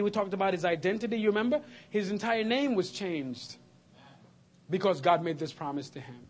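A man preaching a sermon to his congregation, animated, laughing and shouting at times. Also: high voice. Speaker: pastor. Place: church sanctuary.

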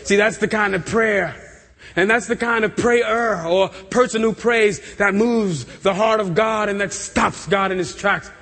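A man preaching a sermon, shouting with impassioned fervor and building to loud cries. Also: sits high, unhurried. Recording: long hall reverb.

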